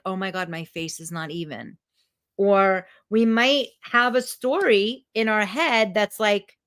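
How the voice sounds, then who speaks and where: Animated, foul-mouthed woman coaching live. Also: medium pitch. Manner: frank, swears freely, animated storytelling. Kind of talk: live video talk to viewers.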